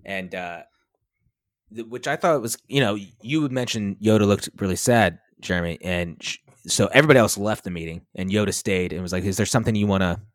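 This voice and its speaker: A man's voice: lowish voice, fairly quick, no room sound, studio quality. A man co-hosting a podcast, recapping a TV episode in a rambling, casual chat, swearing now and then. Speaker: podcast co-host.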